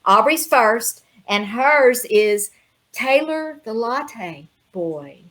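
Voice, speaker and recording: A woman hosts a live music show with a slightly high voice, chatting in a relaxed, unhurried way as she introduces the next acts. She sounds friendly and chatty. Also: poor audio. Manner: friendly, chatty, laughs easily. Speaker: show host. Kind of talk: casual chat introducing performers.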